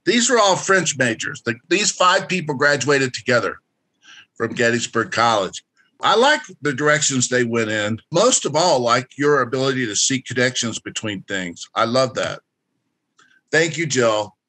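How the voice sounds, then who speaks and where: Man, workshop presenter, bright voice, direct, instructive, encouraging. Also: mid-range voice, animated, normal speed. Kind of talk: interactive workshop lecture.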